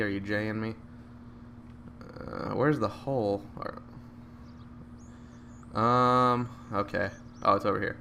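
A man giving live, joking commentary over a video game, with excited outbursts at each shot. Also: medium pitch, slight background noise. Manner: excitable, joking, bursts out at shots. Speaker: gameplay commentator.

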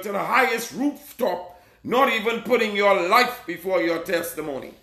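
High-voiced man preaching a fiery sermon. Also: moderate pace. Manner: urgent, scolding, often shouting. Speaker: self-proclaimed messiah preacher. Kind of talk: fiery street-style sermon. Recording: roomy echo.

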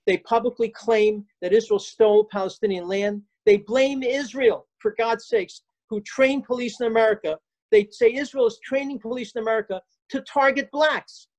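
A man's voice: sits high, a little mellow, low-quality recording. An older man, a guest on a video call, speaking emphatically and indignantly with frequent filler sounds. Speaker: guest, advocacy group president. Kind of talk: impassioned Zoom discussion.

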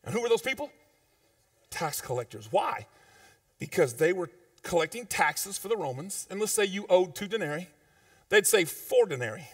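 A man preaching a sermon as pastor, in a conversational, informal way with slang, swinging between loud emphatic peaks and low quiet asides. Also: lively intonation, normal speed, pauses often, no echo, studio quality, distant mic. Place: church sanctuary.

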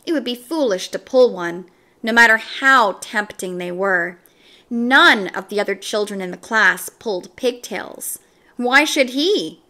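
Slow, bright-voiced woman storyteller. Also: fairly high pitch. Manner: slow, expressive. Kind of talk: children's book read-aloud.

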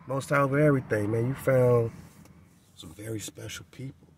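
A man's voice: medium pitch, moderate pace, a little hiss or hum. A man hosting a radio show, giving a preaching-style spiritual monologue in loose street slang, emphatic and repetitive, often ending phrases with "man". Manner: loose street slang, chuckles between points.

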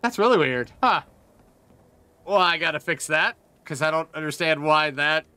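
A man hosting a casual live-stream of a game, excitable, swearing often and laughing a lot. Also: a little high, moderate pace, clean tone, no room sound. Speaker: streamer host.

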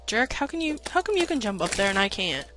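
A woman's voice: mid-range voice, very animated, quick pace, fairly bright tone. A woman giving casual gameplay commentary, chatting to herself and playfully telling off the game's enemies. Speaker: let's play gamer. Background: faint game music.

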